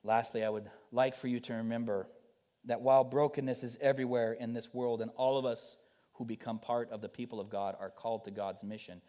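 A man preaching a sermon as a missionary speaker, rising to urgent pleas and dropping to soft, quiet lines. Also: on the low side. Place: church.

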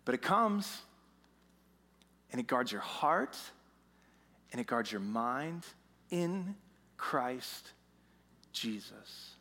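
A pastor telling a story in a sermon, animated, moving between hushed moments and emphatic ones. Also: male voice, mid-range voice, extremely slow, long pauses. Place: church sanctuary. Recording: long church reverb.

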